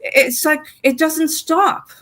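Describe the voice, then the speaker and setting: A woman's voice: high-pitched, slow pace, fairly bright tone. An older woman calling in to a live stream, upset and rambling, with stammering restarts. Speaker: guest caller. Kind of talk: emotional live-stream chat.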